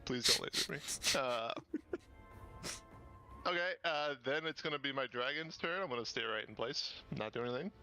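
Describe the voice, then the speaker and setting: Male player, bright timbre, jokey, relaxed banter. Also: mid-range voice, moderate pace, soft background music. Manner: joking, casual, laughs easily. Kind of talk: tabletop game play.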